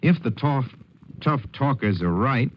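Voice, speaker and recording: A man's voice: mid-range voice, lively intonation, measured pace, highs cut off, a little hiss or hum. A man delivering a wry, theatrical scripted commentary on a 1940s radio broadcast.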